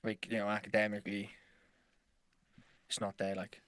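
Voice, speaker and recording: A man's voice: lowish voice, completely flat delivery, normal speed, fairly bright tone, dry recording. Man, casual podcast chat, sweary and rambling, dry close sound. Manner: sweary, rambling, laughs often. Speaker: podcast co-host.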